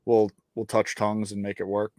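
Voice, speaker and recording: A man's voice: fairly low pitch, completely flat delivery, brisk, a little mellow, no room sound, studio quality. A man co-hosting a casual podcast chat, boastful and joking, swearing freely and trailing off into fillers. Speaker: co-host.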